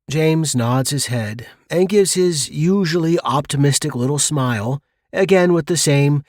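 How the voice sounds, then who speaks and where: A man telling a scripted joke as host of a comedy channel, in an expressive storytelling manner. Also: mid-range voice, normal speed, few pauses, no room sound, studio quality. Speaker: joke teller.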